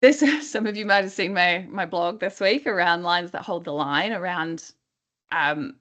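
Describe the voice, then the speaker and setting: A woman's voice: fairly low pitch, a little slow, a bit bright. A woman coach teaching a webinar in a conversational way. She often checks in with her listeners and acts out quoted dialogue. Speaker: workplace coach.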